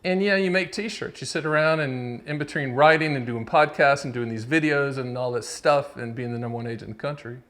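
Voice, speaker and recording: A man in his fifties hosts his own annuity explainer, talking straight to camera in a casual, chatty way, joking, teasing his off-camera producer and wandering into digressions. His mid-range voice is a bit bright, and he talks fairly quickly with few pauses.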